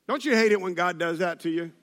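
A pastor with a drawl delivers a sermon in a high, light voice. He talks to his congregation conversationally and teases them with jokes. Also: fast talker, a bit bright. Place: church service.

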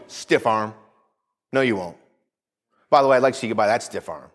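A man preaching a sermon with emphasis, repeating phrases, dropping low and quiet for weight, and calling out for the congregation's amens. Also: very animated, moderate pace, long pauses, husky. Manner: emphatic, repeats phrases, calls for "Amen?" responses.

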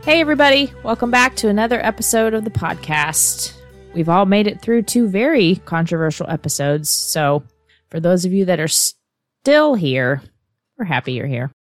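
Playful woman with a lively voice. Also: on the low side, moderate pace, soft background music. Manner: playful, joking banter. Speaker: podcast co-host. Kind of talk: casual podcast chat.

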